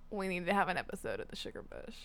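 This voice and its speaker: A young woman from the Niagara region of Canada co-hosting a casual podcast, telling animated stories, acting out quotes, laughing and swearing often. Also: on the low side, clean tone. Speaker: podcast co-host. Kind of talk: casual chat.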